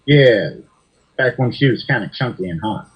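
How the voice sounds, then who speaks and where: A man's voice: medium pitch, lively intonation, normal speed, husky, rough recording. A man co-hosting a casual podcast chat in a laid-back, profane way.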